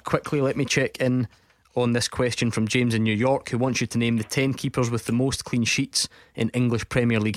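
A man hosting a football phone-in on the radio, brisk and upbeat. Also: medium pitch, no echo, studio quality. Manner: brisk, upbeat, steering the talk. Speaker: radio sports host.

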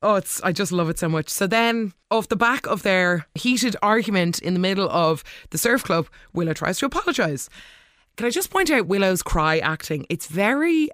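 A woman recaps a soap opera episode casually and with gushing enthusiasm, acting out the lines she quotes. Her medium-pitched voice is expressive and a bit bright at a moderate pace, recorded in studio quality with no echo.

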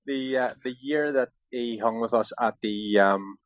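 A man's voice: medium pitch, a little slow, no echo. A man co-hosting a casual sports podcast, telling an amused story with many restarts. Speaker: podcast co-host. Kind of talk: casual chat.

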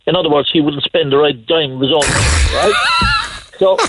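A man's voice: fairly high pitch, brisk, gravelly, heavy background noise. A man calling in to a radio show, rambling through anecdotes with lots of restarts and chuckles. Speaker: caller. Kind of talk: casual anecdotes on a radio phone-in.

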